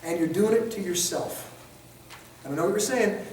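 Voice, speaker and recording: A man with a high voice leads a training class in a casual, conversational way, throwing rhetorical questions at the room and slipping into quoted voices to act out scenes. He sounds set back from the mic, in a space that rings with heavy echo. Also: darkish tone, slight background noise. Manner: acts out quick street scenarios in quoted voices. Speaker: instructor. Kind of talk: classroom lecture. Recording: echoey room, picked up from a distance.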